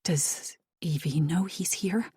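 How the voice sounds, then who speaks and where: Casting: an evasive, secretive woman read by a woman narrator, low husky tone, dry close sound. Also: slow, no echo, exaggerated voice. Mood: guarded. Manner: evasive, quiet. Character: guarded, secretive woman, old friend.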